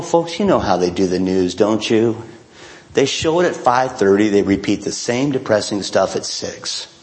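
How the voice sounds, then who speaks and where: A man's voice: on the low side, darkish tone. A man telling a long humorous story to a live audience, speaking to the crowd directly and acting out little voices along the way. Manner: chatty and self-mocking, addresses the crowd directly, acts out voices.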